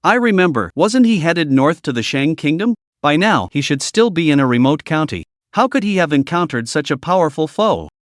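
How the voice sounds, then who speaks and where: A cold monk master gives orders in a flat, measured voice, as a male narrator reads his lines. The tone sits a little high for a man and moves around a lot, and the sound is close and dry. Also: dry recording. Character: older monk Arhat, cold and commanding.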